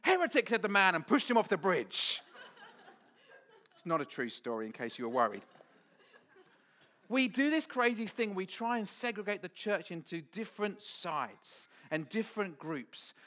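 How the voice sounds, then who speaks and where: A man's voice: sits high, big pitch swings, moderate pace, bright, forceful tone. A man preaching a sermon, telling stories with animation and acting out the voices of the people in them.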